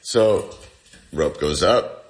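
Man, low-pitched voice, casual storyteller, acts out what people said, says "like" a lot. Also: extremely slow. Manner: lively storytelling, acts out dialogue with lots of "like". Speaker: interview guest.

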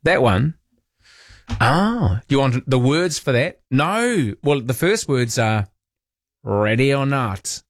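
Speaking slowly on a studio mic, this mid-range male host is very animated as he rambles through listener messages on his overnight talk show. It's relaxed late-night radio chat, recorded dry.

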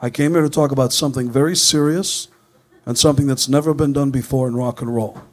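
A man's voice: medium pitch, steady tone, fast, a little mellow, lightly acted. A man doing an impression of a blunt, boastful male rock star who talks like a salesman and swears. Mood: dismissive.

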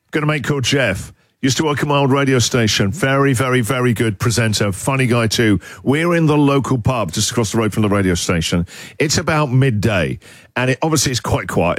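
A middle-aged man hosting a radio show, telling a story in a chatty, animated way with laughs. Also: medium pitch, dry recording, studio quality. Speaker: radio host. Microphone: studio microphone.

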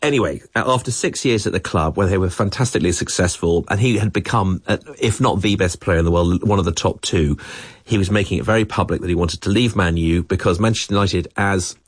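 A man co-hosting a talk podcast, explaining things in a relaxed storytelling way with small asides. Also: deep voice, fast talker, slightly rough, dry recording, clean studio sound. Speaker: podcast co-host. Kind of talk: conversational explainer.

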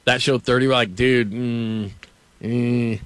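Speaking slowly in a level, mid-range voice that's a bit bright, this man hosts a sports radio show with a clean, echo-free sound. Into his studio microphone he rambles through casual anecdotes and banter, laughing frequently and saying "like" a lot among many fillers.

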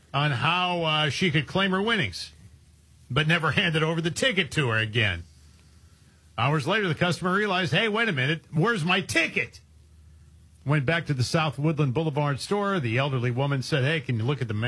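A man's voice: a little high, pushed and bright, husky. A man co-hosting a talk radio show, reading news stories and adding wry, sarcastic comments. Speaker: radio co-host.

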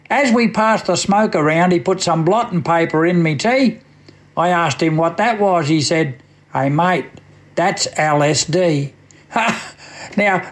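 An Australian man reciting a comic bush poem on the radio like a wry yarn-spinner. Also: high voice. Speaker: radio poet.

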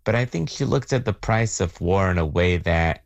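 A man, a magazine editor, giving thoughtful interview answers in a measured way with frequent restarts. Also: low voice, expressive, vocal fry, no echo, dull audio.

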